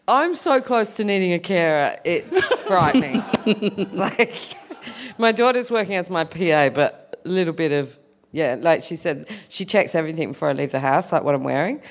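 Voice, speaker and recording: A woman's voice: on the low side, lively intonation, normal speed. A middle-aged woman, a comedian guest telling rambling anecdotes on a live podcast. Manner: rambling anecdotes with frequent laughter.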